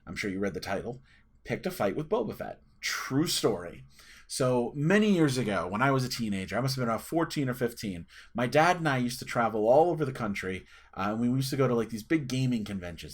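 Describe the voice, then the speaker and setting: A man in his thirties chatting and telling a personal story as a channel host, rambling with fillers and restarts. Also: mid-range voice. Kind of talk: casual storytelling to camera.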